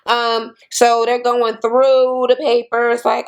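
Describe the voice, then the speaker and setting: A woman's voice: fairly high pitch, flat delivery, slow, vocal fry, few pauses, clear, resonant tone. A woman recapping a reality show in a casual, chatty way, blunt and swearing freely, with lots of "you know" and "uh".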